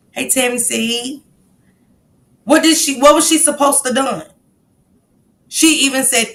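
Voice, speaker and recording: A woman's voice: fairly high pitch, steady tone, unhurried, pauses often, fairly bright tone. A woman hosting a live stream, talking emotionally to her viewers and greeting them by name as she comments.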